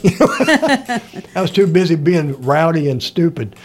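A man's voice: a little high, very animated, slow pace. An older man from Indiana, telling stories from his life in a rambling, casual way and chuckling often. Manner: rambling, chuckles often, acts out quoted people. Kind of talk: casual storytelling.

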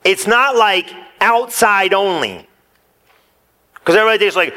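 A man preaching a sermon in church, energetic and joking with the congregation, sometimes rising close to a shout. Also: high-pitched, a little slow, long pauses. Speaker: pastor.

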